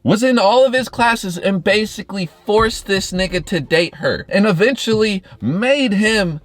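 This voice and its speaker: A young YouTuber tells a story in a casual storytime vlog, animated and profane, his pitch bouncing up and down. The audio has no echo.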